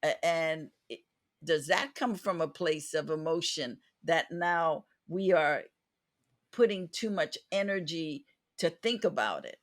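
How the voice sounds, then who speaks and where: A woman's voice: sits low, expressive, takes it slowly. A woman hosting a podcast interview, talking in an earnest, reflective way with frequent restarts. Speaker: podcast host. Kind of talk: casual interview chat.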